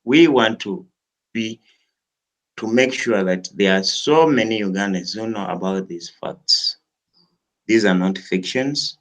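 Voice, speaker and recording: A man's voice: on the low side, takes it slowly, a bit bright. A man giving an earnest, rallying political speech to his audience. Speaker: political commentator.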